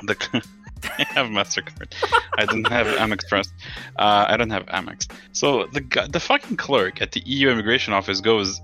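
Low, bright-toned profane man ranting. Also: normal speed, faint music behind. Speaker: podcast co-host. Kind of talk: casual chat.

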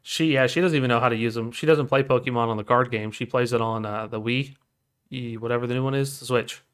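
Animated storytelling man. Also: medium pitch, fast, clear, resonant tone. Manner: animated storytelling, acting out quoted voices. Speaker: podcast co-host. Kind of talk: casual chat.

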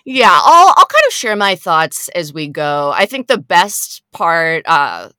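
A woman co-hosting a comedy podcast, chatting casually, wry and quick to laugh. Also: fairly low pitch, clear, resonant tone, dry recording, studio quality. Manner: wry, laughs often, reads quotes in a flat deadpan. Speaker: podcast co-host.

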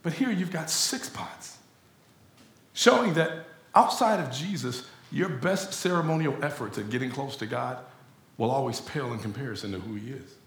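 A man preaching a sermon as pastor, talking to the congregation in an animated, conversational way. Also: medium pitch, normal speed, roomy sound. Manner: animated conversational preaching, addresses crowd as y'all.

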